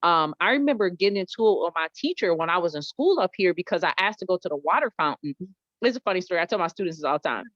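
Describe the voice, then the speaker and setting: A woman in her forties with a slight Southern twang speaks in a fairly low voice. She tells stories in an animated, expressive way as an interview guest. The sound is dull and lo-fi in a dry space. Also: very fast, no room sound. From Gary, Indiana. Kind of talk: casual conversational storytelling. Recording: dull lo-fi recording.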